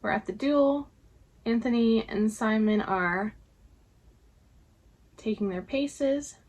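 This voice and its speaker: A woman's voice: on the high side, takes it slowly, darkish tone. A young woman casually recapping a TV episode, retelling it chattily with frequent fillers. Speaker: show recap vlogger.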